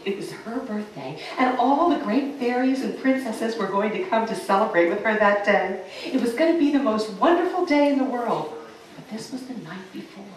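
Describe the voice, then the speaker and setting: Brief: lively sing-song woman storyteller for kids, high and swooping, echoey room from a distance. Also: moderate pace. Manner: animated, coaxing, sing-song. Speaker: children's party storyteller. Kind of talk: interactive storytelling for children. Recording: echoey room, mic far off.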